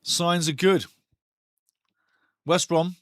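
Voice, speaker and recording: A man hosting a live football watch-along, commenting on play with excitable, sweary banter aimed at his chat. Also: a little high, extremely slow, no room sound, studio quality.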